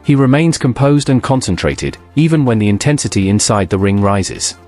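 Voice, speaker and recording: Man in measured, scripted narration. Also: lowish voice, soft background music. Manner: even, measured, formal.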